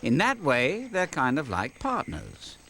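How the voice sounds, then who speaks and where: A man's voice: a little high, wildly swooping pitch, unhurried. A man narrating a nature documentary for kids in a playful, jokey scripted style with wisecracking asides. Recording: background music with crickets.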